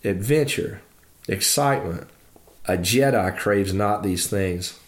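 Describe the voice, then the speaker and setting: A man's voice: fairly low pitch, takes it slowly. A man reading the lines of an ancient small alien master, stern and patient, in clipped phrases with inverted word order.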